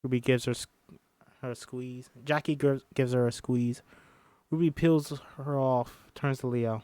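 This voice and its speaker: A man's voice: mid-range voice, steady tone, unhurried, dark tone, no room sound, studio quality. A man reading a film script aloud on a stream, emotional and swearing casually between lines. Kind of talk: script read-aloud with commentary.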